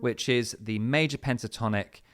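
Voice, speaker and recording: A man's voice: medium pitch, normal speed. A man teaching guitar step by step, in a patient, explanatory way with frequent fillers. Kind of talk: step-by-step music lesson. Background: his own guitar playing between phrases.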